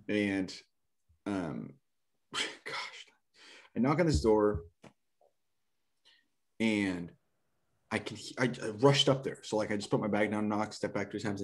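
Young guy telling a rambling story. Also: lowish voice. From Nebraska, USA. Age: young adult. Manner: animated, rambling, full of "like" and restarts. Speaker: podcast guest, door-to-door book seller. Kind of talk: casual storytelling on a podcast.

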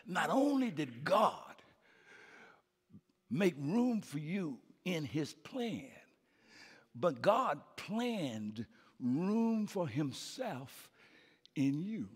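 A male pastor preaching live, his husky, gravelly voice climbing high and swinging widely. He calls out to the congregation and repeats his phrases for emphasis. The sound carries a long reverb from a church hall. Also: sing-song, extremely slow, long pauses. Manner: preaching with call-and-response, building to shouted peaks. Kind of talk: live sermon.

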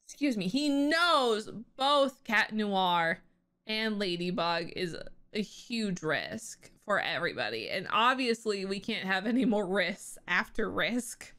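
A woman's voice: mid-range voice, animated, takes it slowly, fairly bright tone. A young woman reacting to a cartoon episode on her vlog, emotional and thinking aloud, laughing through her upset. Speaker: reaction vlogger.

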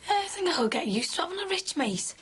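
A woman's voice: very high-pitched, very animated, fast, fairly bright tone, heavily acted. An actress playing a blunt, protective young woman, chatting casually. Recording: noisy TV drama audio.

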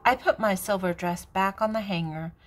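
An older woman, a grandmother, reading a children's picture book aloud in a gentle, even way. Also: mid-range voice, normal speed. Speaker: storybook reader.

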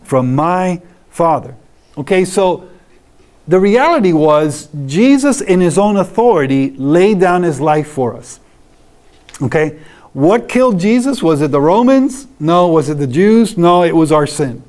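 A man's voice: high voice, expressive, measured pace, a little mellow. A man teaching a church doctrine class in a conversational way, asking his listeners questions and answering them. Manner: conversational, asks rhetorical questions.

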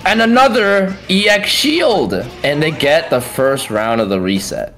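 A tournament commentator doing excited fighting game play-by-play, yelling and swearing at big moments, then breaking the action down quickly in between. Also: mid-range voice, faint music behind. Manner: explosive yelling and swearing, frequent exclamations; calmer fast breakdowns between outbursts.

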